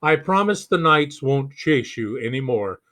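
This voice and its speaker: A man voicing a bossy, hot-tempered storybook king while reading a picture book aloud, in an indignant, shouting manner. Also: medium pitch, expressive, a little slow.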